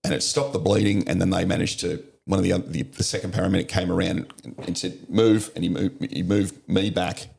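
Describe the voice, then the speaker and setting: A man's voice: low voice, flat delivery, a little fast, creaky, hardly any pauses, darkish tone. A middle-aged Australian man telling a story as a podcast guest, blunt and vivid, with some swearing. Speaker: podcast guest, former police officer. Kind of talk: storytelling in an interview.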